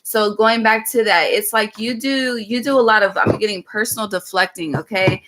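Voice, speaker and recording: A woman's voice: mid-range voice, normal speed, noisy background. A woman giving a chatty, frank tarot reading, calling listeners "baby" and tagging nearly every line with "okay". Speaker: tarot reader. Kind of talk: casual tarot reading monologue.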